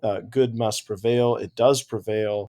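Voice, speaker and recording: A man's voice: on the low side, fairly even intonation, a little slow, dark tone. A man co-hosting a podcast, talking animatedly about books and laughing easily. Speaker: podcast co-host. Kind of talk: casual book discussion.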